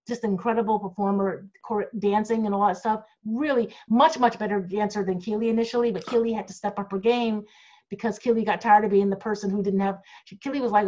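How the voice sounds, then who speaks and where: A woman's voice: medium pitch, mellow. Blunt, outspoken middle-aged woman on a video call. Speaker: group manager answering fan questions. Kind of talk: candid Q&A chat. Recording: dull lo-fi video call audio.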